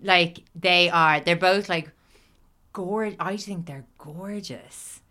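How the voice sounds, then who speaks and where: Woman, podcast host, casual storytelling, bright forceful tone, slightly low voice, swears and fills. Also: takes it slowly. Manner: chatty and swearing, with frequent laughs and fillers.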